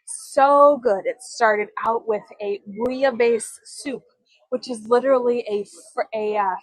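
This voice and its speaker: A woman's voice: on the high side, fairly even intonation, measured pace, no room sound, rough recording. A woman from Chicago, leading a live-streamed walking tour outdoors on city streets, chatty and giggly, with storytelling asides. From Chicago, USA. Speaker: tour guide.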